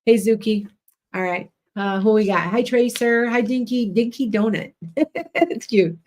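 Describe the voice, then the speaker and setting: A woman's voice: fairly high pitch, unhurried, a little mellow. A woman with a Midwestern Chicago accent, hosting a casual livestream and giving blunt, rambling psychic readings to viewers.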